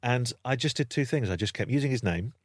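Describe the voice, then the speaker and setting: A British man telling a long anecdote in casual chat, lively and acting out the voices of the people in it. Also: mid-range voice, fairly quick, dry recording, clean studio sound. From Britain. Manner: animated storytelling, acting out voices. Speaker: guest storyteller.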